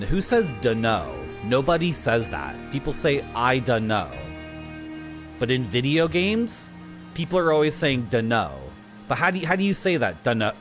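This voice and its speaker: A man chatting on a game stream, ranting casually and stopping to greet viewers. His pitch swings widely as he talks. Faint background music sits under his voice. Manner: ranting, animated, greets chat.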